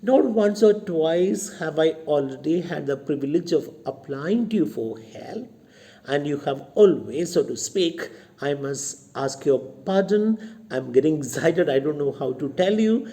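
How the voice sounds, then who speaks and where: A man's voice: fairly high pitch, lively intonation, unhurried, dark tone. A man with an Indian English accent reading the part of a nervous, timid young male suitor who speaks in a hesitant, stumbling, apologetic way.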